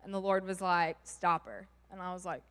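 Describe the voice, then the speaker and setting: A woman's voice: fairly low pitch, flat delivery, quick pace, smooth. Young woman, bubbly testimony speaker, laughs a lot; reverberant hall. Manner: bubbly storytelling, laughs often. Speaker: youth ministry leader. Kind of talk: church testimony.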